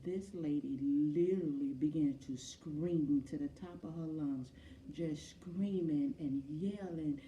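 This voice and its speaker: A woman's voice: low voice, slow, dark tone, slight background noise. A woman vlogger earnestly retelling a story to her viewers with frequent fillers. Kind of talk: casual talk to camera. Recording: echoey room, from far off.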